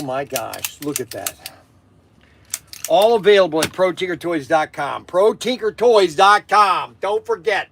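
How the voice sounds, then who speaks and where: Excitable male shop host pitching toys, high and bright. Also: creaky, slight background noise. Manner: excitable salesman, hollering and laughing. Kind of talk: live-stream product pitch.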